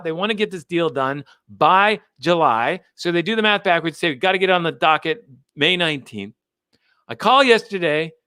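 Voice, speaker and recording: A man's voice: sits high, bright, forceful tone, clean tone, no room sound, studio quality. An American man hosting a livestream on local politics, emphatic and fired up. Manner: fired up, emphatic, laughs at himself. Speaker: host. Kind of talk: animated livestream commentary.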